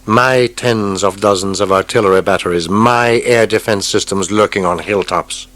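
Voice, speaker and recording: A man's voice: on the low side, moderate pace, a bit bright, no echo, close to an everyday voice. A male narrator voicing a proud Soviet general, musing in a self-satisfied way.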